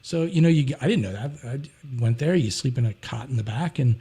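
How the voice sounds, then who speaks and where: A man talking as a podcast guest, telling a long story in an animated, rambling way and acting out other people's voices. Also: medium pitch, a little fast, slightly rough. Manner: rambling, with frequent restarts and "you know". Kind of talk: casual anecdote storytelling.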